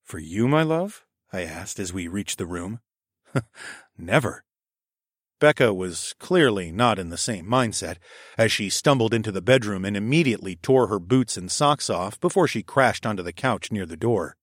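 A man narrating a first-person story in a steady, even reading voice on a close mic. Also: lowish voice, moderate pace, no room sound. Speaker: audiobook narrator.

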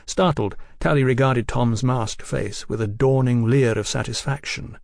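A man narrating an audiobook in an expressive storytelling manner. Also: medium pitch, a little slow, creaky, dry recording, studio quality. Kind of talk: scripted narration.

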